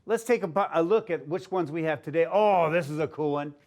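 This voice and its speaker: Man, children's phonics teacher, encouraging, rather high voice. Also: a little mellow. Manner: slow, sounding out letters, upbeat and encouraging. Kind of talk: phonics lesson for young children.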